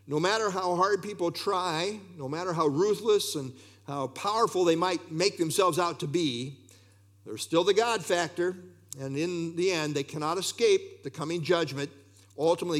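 A man preaching an earnest expository sermon, reading scripture aloud and often pausing with "uh". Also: high-pitched. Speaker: pastor.

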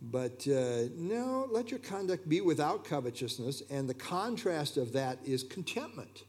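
Emphatic male preacher, slightly high voice. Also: big pitch swings, unhurried, hardly any pauses, darkish tone. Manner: emphatic, repeating key phrases. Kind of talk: sermon.

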